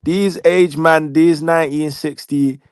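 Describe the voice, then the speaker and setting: A man's voice: on the high side, steady tone, measured pace, a little mellow, clear, resonant tone, no echo. A man ranting animatedly in casual podcast banter, full of street slang. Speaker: podcast co-host.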